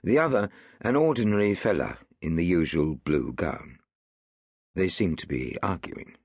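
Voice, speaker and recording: A man narrating an audiobook in an expressive, wide-ranging storytelling manner. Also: low-pitched, a little slow, no room sound, clean studio sound. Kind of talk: scripted narration.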